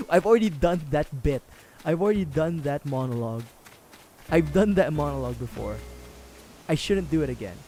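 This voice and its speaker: A man's voice: on the high side, animated, normal speed, long pauses, dark tone, faint music behind. A man streaming a video game, chatting casually and rambling, joking, swearing freely and laughing at himself. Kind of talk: casual gaming livestream chat.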